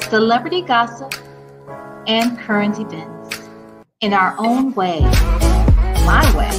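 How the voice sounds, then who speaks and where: A woman delivering a smooth, drawn-out show intro. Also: fairly high pitch, expressive. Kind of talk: show intro over music. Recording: intro over loud music.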